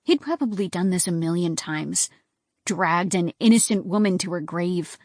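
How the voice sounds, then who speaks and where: A woman's voice: fairly low pitch, moderate pace, no room sound, studio quality. A woman giving a tense, dramatic first-person audiobook narration.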